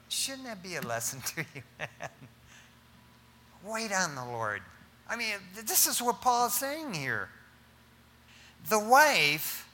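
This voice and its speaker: A middle-aged man preaching as pastor, talking in an animated, casual way and often calling his listeners "man". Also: high-pitched, big-room sound. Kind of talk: sermon.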